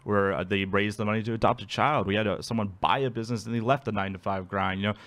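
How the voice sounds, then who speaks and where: Lowish-voiced man telling his story. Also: fast talker. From Alaska. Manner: animated, laughs often, acts out quotes. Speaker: guest. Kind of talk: casual interview storytelling.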